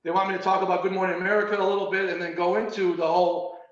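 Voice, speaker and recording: A man casually telling a personal story on a video call, animated and repeating words as he goes. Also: sits high, racing. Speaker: meeting participant. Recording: roomy, muffled video call audio.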